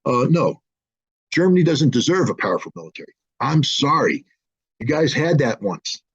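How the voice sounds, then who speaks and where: A man's voice: medium pitch, very animated, moderate pace, husky. A man speaking as an interview guest, blunt and emphatic, often restarting his sentences. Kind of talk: political interview talk. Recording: dull lo-fi audio.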